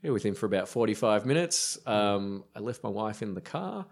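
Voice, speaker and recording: Low-voiced Australian man telling stories. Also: animated, moderate pace, creaky, a crowd in the background. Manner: rambling, filler-heavy anecdotes. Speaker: brewer guest. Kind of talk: casual podcast storytelling.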